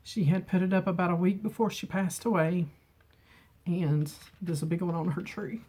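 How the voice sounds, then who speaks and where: A woman's voice: lowish voice, fairly even intonation, normal speed, mellow, husky. Chatty, emotional woman vlogging at home. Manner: chatty, emotional, laughs often. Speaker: beauty vlogger. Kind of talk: casual chat. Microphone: camera mic with ring light.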